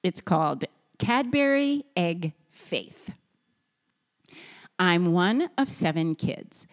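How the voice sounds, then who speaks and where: A middle-aged woman co-hosting a podcast from a home kitchen, telling stories casually with lively energy and frequent laughter. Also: fairly low pitch, takes it slowly. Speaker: podcast co-host. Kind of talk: casual storytelling.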